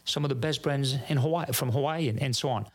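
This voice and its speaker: A man from France with a French accent, a native French speaker, telling a story as a podcast guest in a lively way that acts out both sides of each conversation and often restarts his sentences. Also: mid-range voice, fast. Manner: animated, acts out dialogue, frequent restarts. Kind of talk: casual storytelling.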